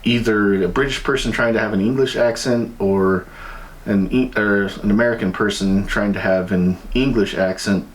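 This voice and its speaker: A man's voice: on the low side, normal speed. A man co-hosting a casual podcast, joking around and swearing. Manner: joking, laughing, profane. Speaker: podcast co-host.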